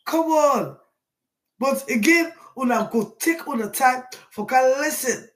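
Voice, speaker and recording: A woman, hosting a casual live stream and greeting viewers one by one in a rambling way, with sudden loud bursts. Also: high voice, lively intonation, a little slow.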